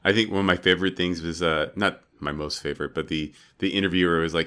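Low-voiced man in rambling podcast chat. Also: steady tone, fast talker, a bit bright, clean tone. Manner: rambling, many filler likes. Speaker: podcast co-host. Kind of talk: casual chat.

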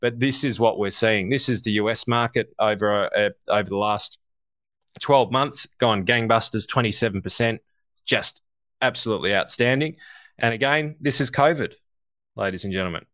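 A man's voice: fairly low pitch, moderate pace, no echo. Aussie guy ranting about markets, swears a lot, talks right to you, dry sound. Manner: animated, swears casually, addresses listeners directly. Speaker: co-host. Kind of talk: casual market commentary.

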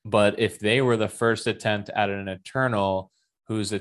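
Low-voiced man joking about a movie. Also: steady tone, a little slow, a bit bright. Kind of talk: casual movie review chat.

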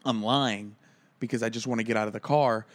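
A man co-hosting a podcast in casual chat, telling stories with lots of stammers and restarts and acting out quotes loudly. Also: mid-range voice, a little fast. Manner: animated storyteller, acts out quotes loudly. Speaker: podcast co-host.

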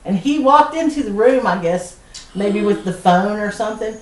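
A middle-aged woman with a Southern US accent, co-hosting a podcast and telling a lively story with frequent laughter. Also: mid-range voice, normal speed. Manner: animated storyteller, laughs often mid-sentence. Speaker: podcast co-host. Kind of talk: casual storytelling chat. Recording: roomy sound from a distant mic.

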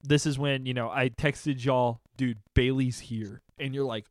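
A man's voice: mid-range voice, fairly even intonation, measured pace, no echo. A young man telling a funny story in casual chat, acting out his friends' voices and laughing often.

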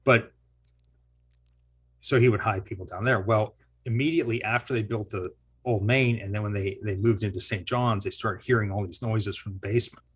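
A historian and teacher with a fairly low, husky voice shares local history and folklore in a casual interview. His tone is steady and fairly bright, his pace moderate, and he rambles, backtracks, corrects himself mid-sentence and chuckles between points.

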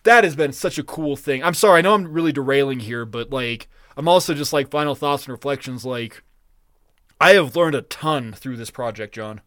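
A man co-hosting a podcast in casual chat, rambling, profane and excitable. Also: medium pitch, moderate pace, dry recording. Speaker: podcast co-host.

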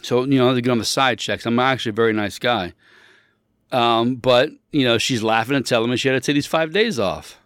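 A man's voice: medium pitch, fairly quick, clean tone, no echo, studio quality. A man hosting a show, telling a rambling story in a casual chat and often correcting himself mid-sentence. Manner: animated, emphatic when riled up.

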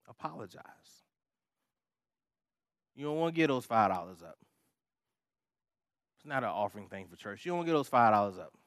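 A man's voice: mid-range voice, a bit bright, no echo, clean studio sound. A male pastor preaching a sermon, emphatic and repetitive, with casual asides to the congregation.

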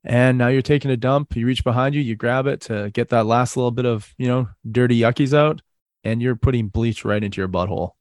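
A man's voice: mid-range voice, brisk, a little mellow, no echo, clean studio sound. A man hosting a podcast, teasing his guest and laying out crude hypothetical questions with frequent laughter. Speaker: podcast host. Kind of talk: casual podcast chat.

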